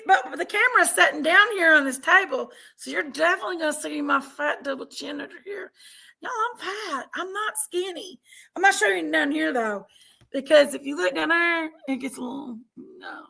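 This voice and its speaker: A woman hosting a casual livestream chat from home on a webcam mic, loud, laughing and bawdy. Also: high voice, moderate pace, creaky. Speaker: livestream host. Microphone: computer webcam mic.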